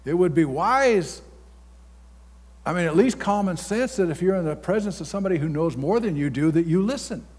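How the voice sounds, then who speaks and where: A man's voice: sits high, lively intonation, normal speed, slightly rough. A man pastor preaching a sermon in a folksy, blunt manner. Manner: folksy, blunt preaching with sudden loud outbursts. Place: large church hall. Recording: long reverb of a church hall.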